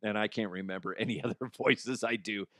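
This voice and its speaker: A man's voice: on the low side, brisk, bright, forceful tone, no room sound, clean studio sound. A man hosting a comedy podcast, reading listener mail in a crude, irreverent way, often laughing. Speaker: podcast host.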